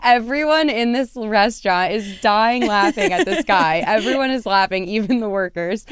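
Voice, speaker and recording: A woman's voice: on the high side, normal speed, smooth, no echo. A young woman co-hosting a podcast, telling stories animatedly and acting out what people said, laughing often. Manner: animated, acts out quotes, frequent laughter. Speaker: podcast co-host. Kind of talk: casual chat.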